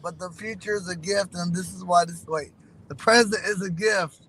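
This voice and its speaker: A man's voice: high-pitched, fairly even intonation, normal speed, sharp tone, husky, rough recording. A man calling a sports podcast from his car, playful, folksy and emphatic. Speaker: caller. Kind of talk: casual sports call-in chat.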